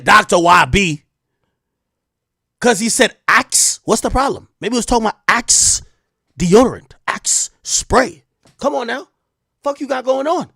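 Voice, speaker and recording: A young adult man hosting a commentary show, talking in a mocking, animated way that swings from loud outbursts to low muttered asides. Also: creaky, no echo, clean studio sound. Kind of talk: sarcastic news commentary.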